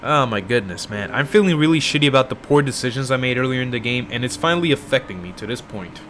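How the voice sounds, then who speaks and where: Male streamer in his twenties, tired voice, self-deprecating gameplay chatter, mid-pitched. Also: lively intonation, quick pace, a bit bright, a little hiss or hum. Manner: self-deprecating, rambling asides. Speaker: game streamer. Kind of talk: casual gameplay commentary.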